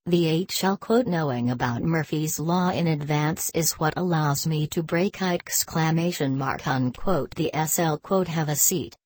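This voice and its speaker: A woman reading a written text aloud in a deadpan way, speaking the punctuation marks as words. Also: low voice, unhurried, few pauses, no room sound.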